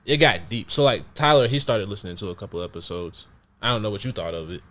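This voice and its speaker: A man's voice: lowish voice, quick pace, a bit bright. A man hosting a podcast, chatting casually and explaining his thinking at length with many fillers. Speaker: podcast host.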